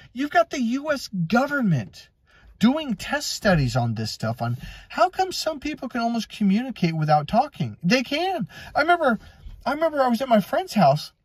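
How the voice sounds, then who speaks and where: A middle-aged man from Wisconsin telling personal stories as a life coach, animated and acting out quoted voices. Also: husky, dry recording. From Wisconsin, USA. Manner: animated, swings between high and low pitch, acts out quotes. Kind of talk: personal storytelling monologue.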